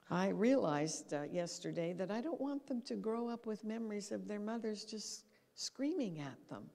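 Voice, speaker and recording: A woman giving a lively talk in a church hall, acting out quotes as she tells stories. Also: medium pitch, normal speed, vocal fry. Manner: lively storytelling, acts out quotes. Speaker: guest speaker. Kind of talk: talk on habits. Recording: reverberant hall.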